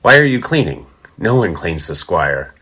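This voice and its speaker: A man's voice: low-pitched, animated, normal speed, pushed and bright, slightly rough, exaggerated voice. A man doing a growling old barfly. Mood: grumbling. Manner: growling, complaining. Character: grumpy old male day-drinking bar regular.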